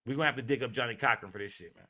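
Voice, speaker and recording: A man's voice: mid-range voice, rapid-fire, pushed and bright. A man hosting a livestream, talking in a heated, profane and emphatic way, often repeating himself. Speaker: livestream host.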